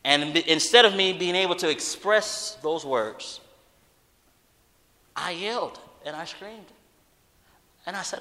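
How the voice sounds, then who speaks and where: A man preaching a sermon, moving from loud urgent appeals to quiet personal storytelling. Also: high-pitched, expressive, measured pace, long pauses. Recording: long reverb of a large hall.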